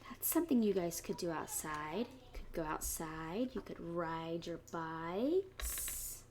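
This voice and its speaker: A woman children's librarian reading a picture book aloud at storytime, animated, asking the kids questions and slipping into gasps and whispers. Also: lowish voice, slow.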